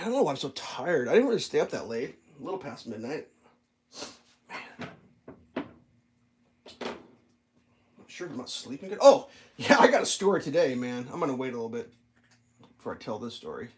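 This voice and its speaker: A man casually telling a rambling home story over breakfast, getting animated and breaking into silly voices when excited. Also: mid-range voice, a little hiss or hum. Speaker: vlogger.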